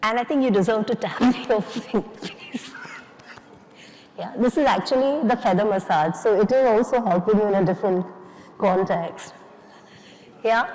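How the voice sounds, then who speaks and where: A woman's voice: mid-range voice, darkish tone. A woman leading an audience through face yoga exercises at a conference, coaxing and playful as she gives instructions. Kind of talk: leading a live exercise session. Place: conference hall. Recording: reverberant conference hall.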